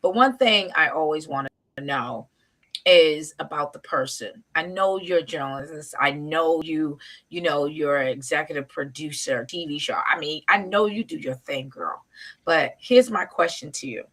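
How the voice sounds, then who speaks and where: A woman's voice: sits low, normal speed, fairly bright tone. A woman hosting a live talk show over a video call, gushing and laughing as she introduces her guest. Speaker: show host. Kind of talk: casual live interview. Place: outdoors in wind.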